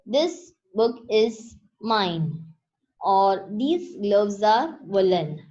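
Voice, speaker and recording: Lady teacher, slow careful explaining, repeats stuff, kinda muffled recording. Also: medium pitch, expressive, darkish tone. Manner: explains and repeats slowly, checks understanding. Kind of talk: grammar lesson. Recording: dull lo-fi recording.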